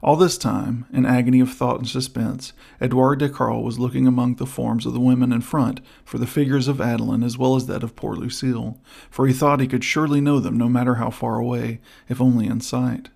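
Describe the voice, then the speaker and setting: A man narrating an adventure audiobook in a steady, even reading. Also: mid-range voice, fairly quick, gravelly, slightly rough. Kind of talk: scripted narration.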